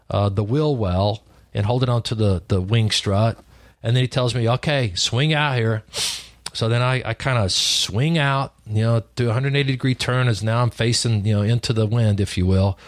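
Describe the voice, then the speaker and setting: A man telling a personal story in a relaxed, conversational way, often restarting his sentences. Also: medium pitch, dry recording, clean studio sound. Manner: conversational, lively retelling with frequent restarts. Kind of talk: personal story told casually.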